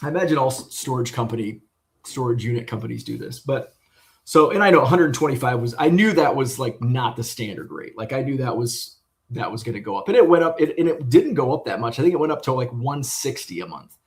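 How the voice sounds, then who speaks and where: A man's voice: mid-range voice, animated, a little fast. Rambling, cussing man venting. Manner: rambling and profane, retelling with exasperation. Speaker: sports card collector vlogger. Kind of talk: casual venting monologue.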